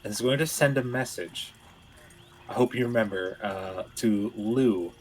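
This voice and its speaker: Low-voiced rambling Canadian man. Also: slight background noise, rough recording. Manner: rambling, halting, casual swearing. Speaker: player. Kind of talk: tabletop game play, casual chat.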